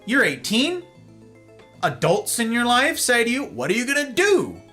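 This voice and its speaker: A man's voice: extremely high pitch, huge pitch swings, moderate pace, pushed and bright, faint music behind. A male host giving an emphatic, sarcastic monologue on a live-streamed talk show, with playful asides.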